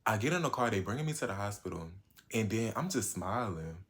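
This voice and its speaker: Teen guy vlogging a storytime, slangy and super animated, voice jumps way up then drops. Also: a little fast. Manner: animated, slangy, with sudden jumps in pitch and loudness. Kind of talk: casual storytime chat.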